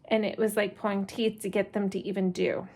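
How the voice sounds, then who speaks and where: A woman's voice: mid-range voice, flat delivery, a little fast, darkish tone, poor audio. A woman in her thirties, a homeschooling mother, rambling casually with many fillers and nervous laughs while doing laundry at home. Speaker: homeschooling mom vlogger. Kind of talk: casual vlog chat.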